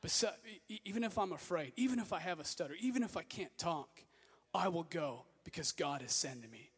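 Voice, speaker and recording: A man's voice: sits high, level tone, fairly quick, fairly bright tone. A man doing Moses, a stammering, reluctant prophet. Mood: resolute. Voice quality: stutter. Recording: echoey hall.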